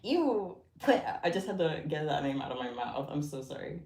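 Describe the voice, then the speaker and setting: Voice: mid-range voice, fast talker, vocal fry, darkish tone. A livestream host chatting casually while crafting, giggly and rambling off on tangents. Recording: roomy echo.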